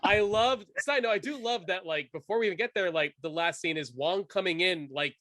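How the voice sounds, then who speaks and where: Bright, high-voiced excitable young man. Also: a little fast, no echo. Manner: excitable, acts out quotes with laughter. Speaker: podcast co-host. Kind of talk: casual chat.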